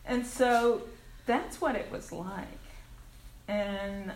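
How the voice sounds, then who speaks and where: A woman's voice: mid-range voice, very slow, a little mellow, a little hiss or hum. An older woman sharing her recovery story at a meeting, candid and frank, swearing casually and laughing at herself. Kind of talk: personal recovery share. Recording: echoey room with faint ambience.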